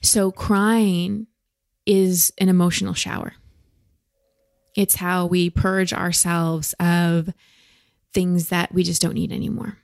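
Low, gravelly-voiced woman coaching gently. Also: flat delivery, no room sound, studio quality. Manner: gentle, slow, reassuring advice with soft laughs. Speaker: podcast host and emotional coach. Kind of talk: coaching conversation.

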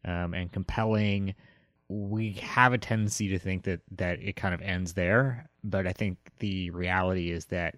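A man hosting a philosophy podcast, explaining in a relaxed way with a lot of hesitant fillers. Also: low-pitched, unhurried, no echo, clean studio sound. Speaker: podcast host. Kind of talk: casual explanatory chat.

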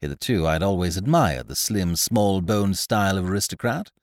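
A man narrating a story in a wry, expressive reading. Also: sits low, fairly quick, dry recording, clean studio sound. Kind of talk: scripted audiobook narration.

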